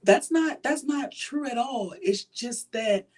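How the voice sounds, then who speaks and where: A woman's voice: fairly high pitch, lively intonation, slow pace. A woman hosting her own show, talking earnestly and from the heart to the camera in a casual, faith-driven way, with frequent fillers. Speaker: show host. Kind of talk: personal talk to camera.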